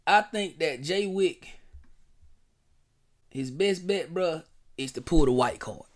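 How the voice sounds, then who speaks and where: A man hosting a reaction vlog, talking in animated, slang-heavy casual commentary straight to his viewers. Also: a little high, slow pace. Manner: animated, repetitive, addresses viewers directly. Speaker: reaction channel host.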